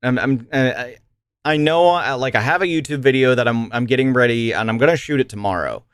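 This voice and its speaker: A man's voice: medium pitch, a little fast, smooth, dry recording, studio quality. A young man streaming live, chatting casually to his viewers, rambling and swearing freely with frequent laughs and restarts. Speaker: livestreamer.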